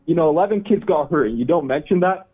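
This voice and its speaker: Guy doing an upset dad caller, kinda high voice, tinny phone line. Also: lively intonation, fast talker, husky. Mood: upset angry. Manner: upset, confrontational. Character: angry male parent calling from a hospital.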